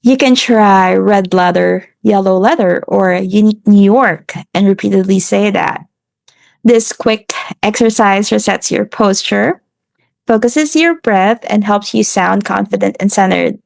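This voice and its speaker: A woman presenting a class lesson on relaxing the voice, steady and instructive, with some slips and restarts. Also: medium pitch, measured pace, creaky, dry recording. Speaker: student presenter.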